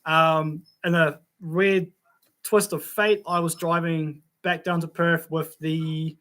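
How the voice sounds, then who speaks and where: A man's voice: a little high, level tone, takes it slowly, a bit bright. An Australian man hosting a casual livestream, reading out chat comments and telling rambling car stories in a laid-back way. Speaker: livestream host.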